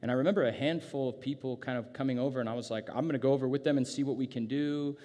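A man's voice: medium pitch, racing. A man preaching a sermon in a casual, conversational way, acting out characters with playful sarcasm. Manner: casual, animated, acts out disciples with sarcasm. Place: church gathering space. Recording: reverberant hall sound.

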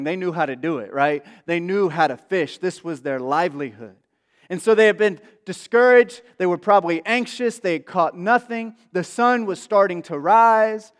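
Chatty preacher in a reverberant hall. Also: male voice, sits high, smooth. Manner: chatty, many asides and fillers. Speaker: pastor. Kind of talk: casual conversational sermon. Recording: long reverb of a large hall.

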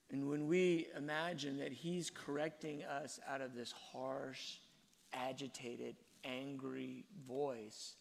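A man giving a sermon-like talk on faith and parenting, telling stories slowly and reflectively, with fillers and restarts. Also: medium pitch, little pitch movement, creaky, a little hiss or hum. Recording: long hall reverb.

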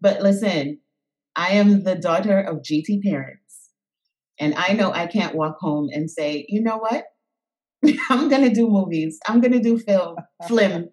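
Lively laughing woman podcast host. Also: medium pitch, unhurried, poor audio. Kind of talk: casual interview chat.

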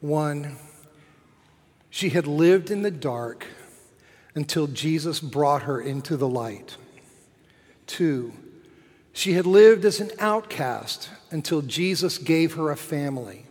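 A man delivers a sermon from a cathedral, his somewhat high voice ringing through a long reverb. He speaks slowly, in measured phrases that lift for emphasis. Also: expressive, darkish tone. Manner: slow, measured preaching with emphatic rises. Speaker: cathedral dean. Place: large cathedral.

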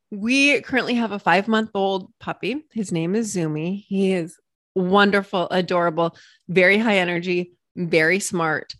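A woman hosting a solo podcast into her computer mic, bubbly and excitable, often jumping into high, squealing cheerleader praise. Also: no room sound, clean studio sound. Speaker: podcast host and coach.

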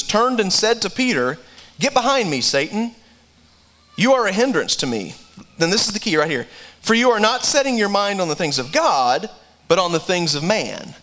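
A man with a high, bright voice preaching a sermon. He retells the scripture earnestly, acting out the lines of the people in it. He often stops and restarts a phrase. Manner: earnest preaching, acts out quoted dialogue, frequent restarts. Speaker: pastor.

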